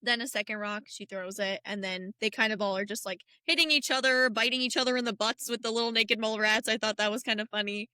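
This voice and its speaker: Young woman on a rewatch podcast, kinda high bright voice, dry close mic, jokey slangy recap. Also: fast, few pauses, clean tone, no room sound. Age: young adult. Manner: lively slangy retelling with jokes. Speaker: podcast co-host. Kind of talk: casual chat.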